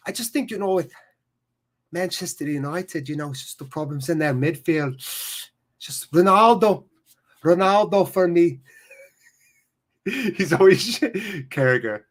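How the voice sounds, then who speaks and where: A man doing a fast, high Liverpool football pundit. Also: animated. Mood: opinionated. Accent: attempted Liverpool (Scouse).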